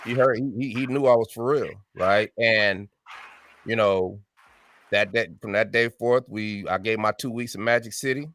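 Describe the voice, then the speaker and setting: A man in his fifties, a music artist appearing as an interview guest, tells his story in a lowish, fairly bright voice at a moderate pace. He voices the people he quotes and keeps tacking "right?" onto his sentences. The recording is close and dry, with no room echo.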